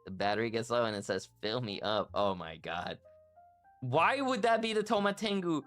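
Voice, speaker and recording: A woman's voice: rumbling low, expressive, normal speed, faint music behind. A woman streamer chatting casually on a live stream, playful and giggly, protesting in flustered bursts.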